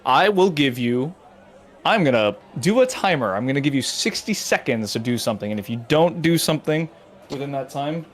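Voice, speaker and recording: A man's voice: medium pitch, animated, fairly quick. A man narrating as game master, loose and chatty with lots of fillers. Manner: loose narration with many likes and laughs.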